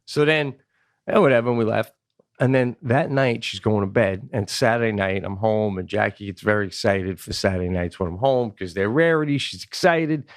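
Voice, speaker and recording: Gravelly man co-hosting a podcast, animated and indignant storyteller, dry close sound. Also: fairly low pitch, normal speed, no room sound. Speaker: podcast co-host. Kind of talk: casual chat.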